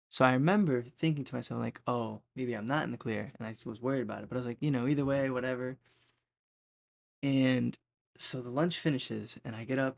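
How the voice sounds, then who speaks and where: A man's voice: mid-range voice, vocal fry. A man casually telling a rambling personal story, often tagging his sentences with "right?". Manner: rambling, keeps asking "right?".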